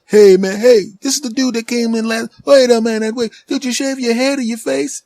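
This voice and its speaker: A squealing, excitable store clerk, put on by a man, who piles on exclamations and compliments in a loud, high voice. His gushing rises far above a normal speaking pitch and doesn't let up. The sound is close and dry, with no room around it. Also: a little fast, no echo.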